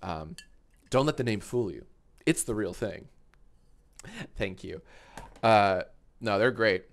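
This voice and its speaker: Here a man in his thirties, a bit drunk on wine, talks loosely on a live stream, rambling, joking and swearing freely in a home studio fitted with a green screen. His voice is on the low side with lively intonation, and he takes it slowly.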